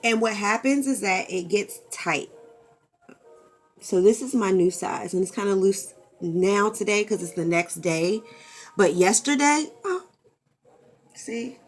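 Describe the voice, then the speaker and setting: A woman's voice: medium pitch, a little slow, soft background music. A woman, talking candidly and expressively in a casual vlog and swearing freely, into a camera mic. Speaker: vlogger.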